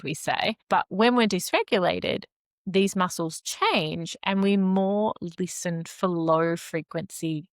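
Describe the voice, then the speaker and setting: A woman, a nervous system expert, explaining things calmly in a podcast interview. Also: fairly low pitch, dry recording, clean studio sound. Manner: calm, explanatory, animated with sing-song asides.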